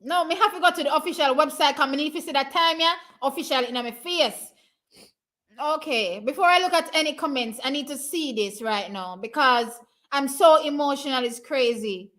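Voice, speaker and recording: A Jamaican woman with a high, bright voice hosts a livestream watch party. She cheers the racing on in emotional, excitable live commentary, then drifts into casual chat with her viewers. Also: moderate pace.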